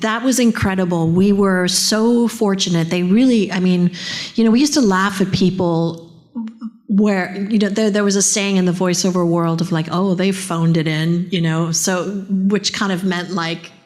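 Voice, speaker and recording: A woman's voice: mid-range voice, steady tone, moderate pace, a little mellow. A middle-aged woman, a voice actress, talking casually and eagerly at a convention panel, often drifting into tangents. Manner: chatty, enthusiastic, wanders into tangents.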